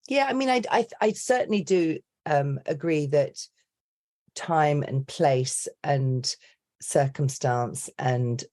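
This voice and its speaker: A middle-aged woman, a coach, chatting on a podcast in a lively storytelling way. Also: deep voice. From Britain. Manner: chatty, animated storyteller who slips into accent impressions. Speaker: accent and dialect coach, guest. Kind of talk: casual podcast chat.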